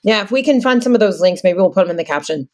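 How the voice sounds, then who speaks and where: Podcast host chatting casually. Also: female voice, mid-range voice, lively intonation, racing, a little mellow. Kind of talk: casual chat.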